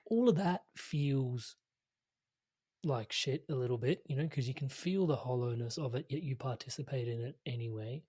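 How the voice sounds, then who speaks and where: A man's voice: a little high, darkish tone, no room sound, studio quality. A man hosting an interview podcast, talking in a loose, rambling way with many fillers. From Indian heritage. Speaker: podcast host. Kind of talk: casual interview chat.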